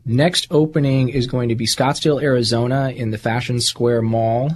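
Here a man from the United States, appearing as an interview guest, shares his life story in a frank, rambling, earnest way, repeating words often. His medium-pitched voice keeps a fairly even intonation at a moderate pace.

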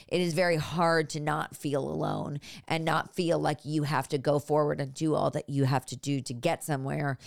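A woman's voice: sits low, creaky, smooth, no echo, clean studio sound. A woman hosting a podcast interview, talking effusively and emotionally with many fillers. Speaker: podcast host. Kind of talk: casual interview chat.

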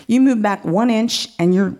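Frank storytelling woman with gravelly fry. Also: medium pitch, normal speed, a little mellow. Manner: frank, candid, often laughing while talking. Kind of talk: live personal storytelling.

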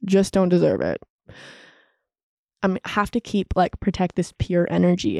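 A woman's voice: fairly low pitch, very animated, a little slow, gravelly, long pauses, warm tone, no echo, studio quality. A woman in her twenties hosting a solo podcast, chatting candidly, laughing often and saying "like" a lot. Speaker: podcast host. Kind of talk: casual solo podcast monologue.

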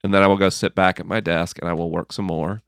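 A man being interviewed about his book, telling stories in an earnest, gently humorous way and acting out his own inner dialogue. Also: sits low, fairly even intonation, fast, clean tone, no room sound, clean studio sound. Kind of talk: reflective conversational storytelling.

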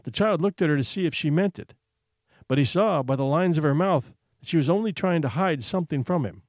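A man narrating a story in an expressive, measured reading voice. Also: fairly high pitch, no echo, clean studio sound. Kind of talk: audiobook narration.

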